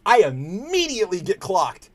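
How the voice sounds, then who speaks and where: Hosting a laid-back livestream, a young Californian rambles to chat in slang at a normal speed, his high-pitched voice swinging hugely in pitch.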